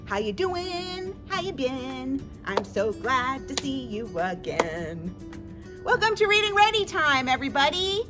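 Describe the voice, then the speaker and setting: A woman's voice: sits high, bright, forceful tone. A woman hosting a children's story-time in an empty library, talking in a playful, exaggerated sing-song way for kids.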